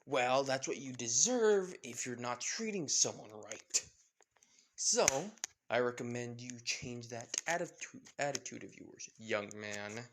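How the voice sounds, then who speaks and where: A man's voice: mid-range voice, expressive, unhurried, noisy background. A man voicing a strict mother who scolds her teenage son in a fan story. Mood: scolding. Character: stern scolding mother of a teen boy.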